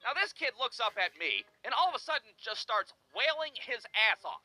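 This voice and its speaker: A man's voice: very high voice, sing-song, fairly quick, few pauses, bright, forceful tone, rough recording. A man from the Midwest telling comedic stories in a sardonic, profane way. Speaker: comedy storyteller. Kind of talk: animated comedic storytelling.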